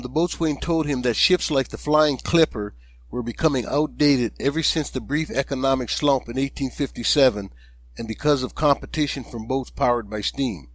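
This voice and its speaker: Male author-narrator, steady audiobook read, dry close mic. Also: mid-range voice, no room sound.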